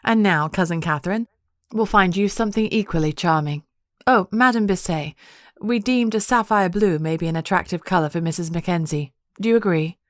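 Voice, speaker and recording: A woman's voice: fairly low pitch, a little fast, dry recording, studio quality, close to an everyday voice. A woman voicing a gracious, proper countess who speaks in refined, formal phrasing. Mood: hospitable.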